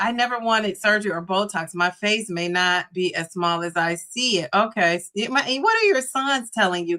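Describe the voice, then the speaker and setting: A woman's voice: medium pitch, pushed and bright. A middle-aged woman hosting a casual livestream, chatting, laughing often and reading viewer comments aloud. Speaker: livestream host reading chat. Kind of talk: casual live chat.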